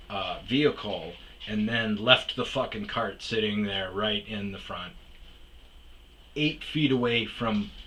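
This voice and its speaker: Man, middle-aged, podcast host, slow unhurried talk, sharp bright tone, profane rambling rant. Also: on the low side, slight background noise. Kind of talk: casual rant.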